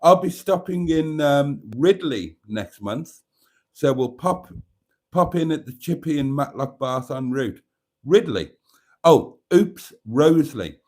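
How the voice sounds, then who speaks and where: A man's voice: fairly high pitch, expressive, measured pace. A man hosting a live stream, chatting casually and reading viewer comments aloud.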